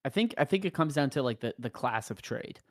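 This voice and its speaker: Male co-host, mid pitch, laid-back delivery, dry recording. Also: lively intonation, fairly quick, no echo. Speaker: podcast co-host. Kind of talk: casual livestream chat.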